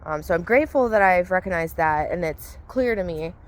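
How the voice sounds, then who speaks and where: A woman and vlogger giving a relaxed, rambling spoken gratitude list while out walking in the cold. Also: on the low side, fairly quick, low-quality recording. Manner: relaxed, rambling, thinking aloud. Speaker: vlogger and mindset coach. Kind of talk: casual spoken gratitude journal. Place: outdoors on a cold walk.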